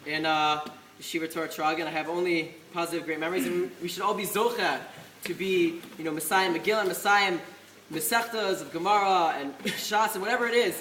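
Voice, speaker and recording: A man's voice: sits high, fairly bright tone. A young man, a yeshiva student, giving an earnest farewell speech at a study celebration, telling a story with frequent restarts and Hebrew study terms. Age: young adult. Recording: echoey hall with faint noise.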